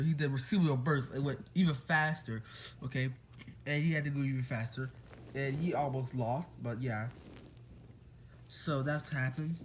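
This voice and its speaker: A young man casually retelling a fan story, rambling and excitable, full of fillers and quick apologies. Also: on the high side, a little hiss or hum.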